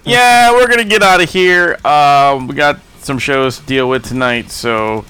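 A man hosting a casual podcast, reacting quickly and heartily to his co-hosts. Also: a little high, pushed and bright, clean tone. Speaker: podcast host.

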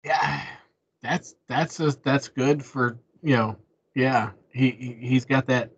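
A man's voice: mid-range voice, takes it slowly, slightly rough. A hesitant man in a casual podcast chat, stammering and restarting his sentences. His mic sounds dull and lo-fi, taking the top off his voice. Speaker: podcast co-host.

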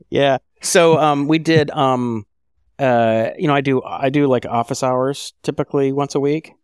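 A man's voice: mid-range voice, steady tone, unhurried, clean tone, no echo, studio quality. A middle-aged man co-hosting a casual podcast, telling a rambling story and acting out the emails he quotes. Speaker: podcast co-host.

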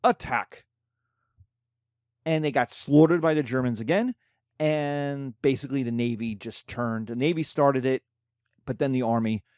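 A man teaching a history lesson in a conversational, animated way, often checking in with asides. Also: medium pitch, moderate pace, no room sound, studio quality. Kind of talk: casual history lecture.

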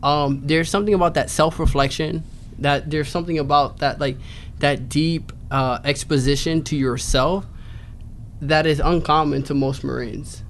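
A man's voice: fairly high pitch, steady tone, normal speed, slight background noise. A man, a comedian and former Marine, rambling and swearing freely as he answers. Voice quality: profane, rambling. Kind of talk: casual interview chat.

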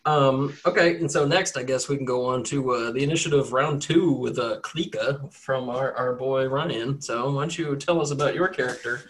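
A man's voice: medium pitch, a bit bright. Teasing young game master, man. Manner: joking, teasing, quick to laugh. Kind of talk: casual tabletop game banter.

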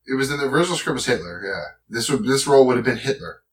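A man's voice: mid-range voice, lively intonation, rapid-fire. Rambling man on a distant mic. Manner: rambling, trails off and restarts. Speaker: podcast co-host. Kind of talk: casual chat.

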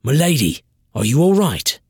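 A man's voice: on the high side, sing-song, normal speed, a little mellow, slightly rough, no room sound, clean studio sound, heavily acted. A man doing a nervous, stammering guard. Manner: hesitant, stammering, polite. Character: nervous, deferential male town guard.

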